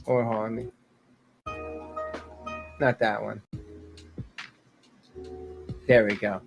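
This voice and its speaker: A man's voice: on the low side, little pitch movement, slow pace, creaky, dull audio, music in the background. A man hosting a casual livestream, rambling, interrupting himself and laughing often as he reads chat aloud. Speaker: livestream commentary host.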